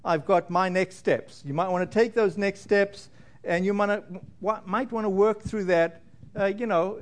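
A man preaching as a pastor in church, gentle and halting, with frequent restarts and fillers. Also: high voice. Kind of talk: sermon.

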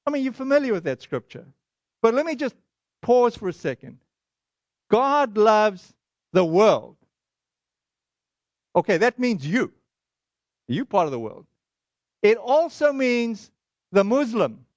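A man preaching a sermon and telling a personal story, animated, acting out the voices he quotes. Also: high voice, slow pace, long pauses, no room sound, muffled recording. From Boston area.

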